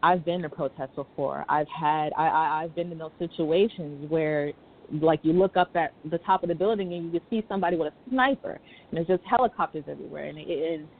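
Tearful young woman on a phone line. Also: deep voice. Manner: halting, fighting back tears. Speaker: caller. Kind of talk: emotional call-in.

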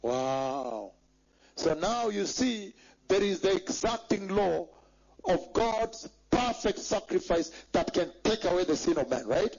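A man's voice: sits high, very animated, slow, vocal fry, a little mellow. A man preaching a sermon in an emphatic way, repeating phrases and checking that the congregation follows. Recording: dull lo-fi recording.

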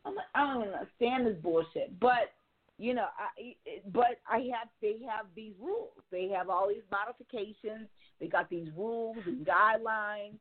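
Profane woman on a tinny phone line. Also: medium pitch. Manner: frank and profane, laughing often. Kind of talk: casual call-in chat.

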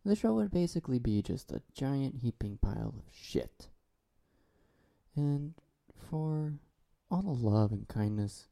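Slow, dark-voiced deadpan man. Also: mid-range voice, vocal fry. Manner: deadpan, absurd, meandering. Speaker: talk show host. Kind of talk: rambling solo comedy talk show.

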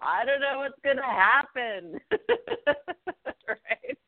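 Woman co-host, unhurried, reflective, laughs a lot, tinny phone-like audio. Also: high voice, animated. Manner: reflective, laughs between thoughts. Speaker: podcast co-host. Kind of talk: casual chat.

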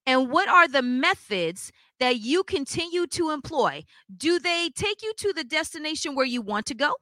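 A woman's voice: high voice, bright, forceful tone, no echo. A woman co-hosting a church broadcast, teaching in an emphatic preaching style and putting pointed questions to her listeners.

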